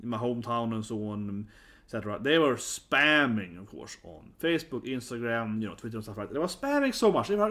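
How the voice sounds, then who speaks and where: Man, Swedish accent, native Swedish speaker, casual vlog commentary, rambling, frequent "right?", mid-pitched. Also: very animated, fairly quick. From Sweden. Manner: gets louder and higher when amused. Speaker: vlogger.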